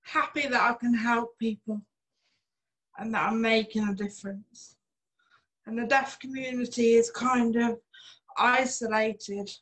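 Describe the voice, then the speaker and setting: A young woman answering interview questions in short, plain, unhurried sentences. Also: a little high, steady tone, a bit bright, rough recording. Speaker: interview guest.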